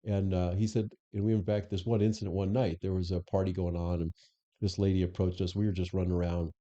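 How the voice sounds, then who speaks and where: This deep, warm male voice belongs to a former police superintendent who is a guest on a podcast. He talks fast with a flat delivery, recounting his time as police chief candidly and anecdotally, with frequent restarts. The recording sounds dull and lo-fi.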